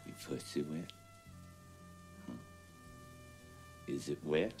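An actor playing a sleazy, menacing male drifter in a film, with a leering, slow, taunting drawl. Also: rumbling low, huge pitch swings, music in the background, full character voice. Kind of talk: film drama acting.

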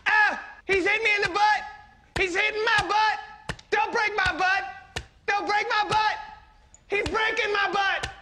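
A man voicing a crude, loudmouthed male president who yells profanity at a play. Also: extremely high pitch, steady tone, a little slow, long pauses, music in the background. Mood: panicked. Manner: profane, yelling, repeating himself.

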